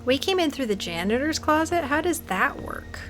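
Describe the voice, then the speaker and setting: A woman's voice: high voice, big pitch swings, moderate pace, a bit bright, soft background music, low-quality recording. A young woman casually commenting as she plays a creepy game, chatty and jokey, dropping into nervous whispers. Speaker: gaming video host.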